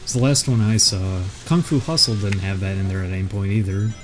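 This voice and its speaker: A man's voice: on the low side, a little fast, faint music behind. A man chatting casually on a game stream, dropping dry, wry remarks. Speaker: streamer, co-host.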